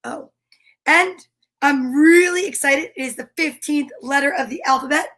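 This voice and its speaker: A middle-aged woman hosts a live-stream story time with a raspy, scratchy voice. She talks high and bright in a bubbly, enthusiastic, chatty way. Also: moderate pace. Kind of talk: casual live-stream chat.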